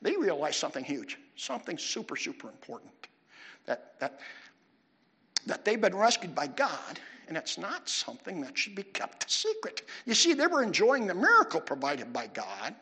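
A male pastor delivers a sermon in a high, lively voice with a slightly husky edge. He swings his pitch widely and keeps asking questions of the congregation. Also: normal speed. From United States. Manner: animated preaching, questions to the audience.

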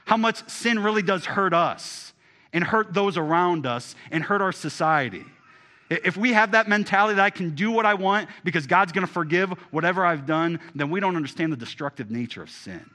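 Emphatic preacher man, bright voice. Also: sits high, lively intonation, a little fast. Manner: emphatic, swings from loud to hushed; asks the congregation direct questions. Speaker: pastor. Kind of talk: sermon.

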